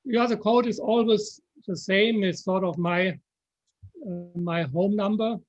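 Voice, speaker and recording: A man with a German accent, patiently explaining software step by step on a video call. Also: high voice, a little slow. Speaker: software presenter. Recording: dull lo-fi call audio.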